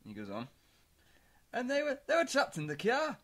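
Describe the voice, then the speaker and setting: A man on a comedy podcast, rambling through deadpan anecdotes with stammered restarts. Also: very high-pitched, normal speed. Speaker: podcast co-host. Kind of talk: comic storytelling chat.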